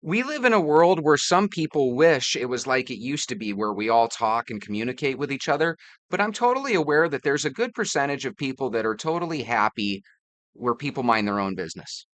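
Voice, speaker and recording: A man's voice: mid-range voice, very animated, a little fast, fairly bright tone, no echo. A man hosting a reaction video, commenting in a theatrical, teasing way.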